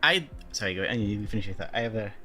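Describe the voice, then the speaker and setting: A man playing a tabletop game, describing his character's actions in a grand, deliberate way. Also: on the low side, lively intonation, pushed and bright, soft background music. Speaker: player.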